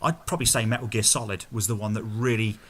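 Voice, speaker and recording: A man, hosting a casual chat and leading the questions in a relaxed, conversational way. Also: lowish voice, quick pace, slight background noise. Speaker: host.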